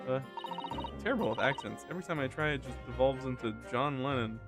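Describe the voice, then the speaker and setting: A man's voice: mid-range voice, fairly quick, music in the background. A male streamer joking while reading game dialogue aloud. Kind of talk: game let's play commentary.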